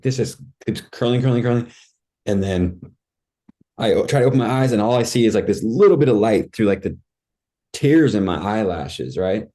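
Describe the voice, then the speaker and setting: Man, podcast guest, casual storytelling, low warm voice, acts out his own reactions. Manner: vivid, acts out his own cries and thoughts, says "dude" and "like" a lot.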